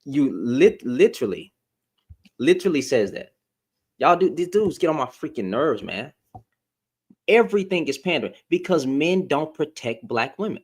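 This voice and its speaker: A man's voice: mid-range voice, husky. A man ranting to his followers in a blunt, heated, profane way, repeating himself and restarting lines as he gets worked up. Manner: blunt, heated, profane, rising to exasperated outbursts. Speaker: social media commentator. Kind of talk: heated casual rant to followers.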